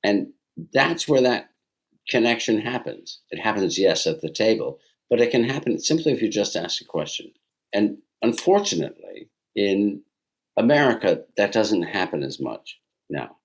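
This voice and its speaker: A man in his sixties with a deep, low voice that swings widely as he talks. He is a guest in a relaxed interview, an animated storyteller who slips into the voices of the people in his anecdotes. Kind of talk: casual interview conversation.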